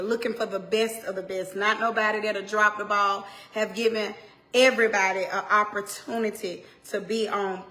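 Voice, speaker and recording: A female minister with an Atlanta accent and medium pitch preaches from the heart, moving between hushed tones and shouted exhortation. Her impassioned talk is full of Southern expressions and repeated lines.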